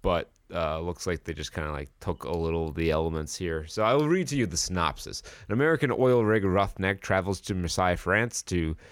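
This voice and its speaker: A man's voice: sits low, lively intonation, fairly quick, hardly any pauses, no echo. A man co-hosting a podcast, chatting casually, reading a synopsis aloud and joking with crude language. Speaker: podcast co-host. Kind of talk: casual chat.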